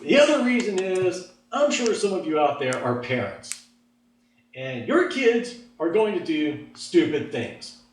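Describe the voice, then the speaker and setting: A stand-up comedian speaks from a stage with an audience around him, his voice fairly high and swinging widely as he acts out the voices in his head. He takes his time with the delivery. The sound is distant and bounces around a big, echoey hall. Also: a little slow. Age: adult, looking back on his teens. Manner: animated, acts out inner voices with big pitch jumps. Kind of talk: stand-up storytelling. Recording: echoey hall, mic from far off.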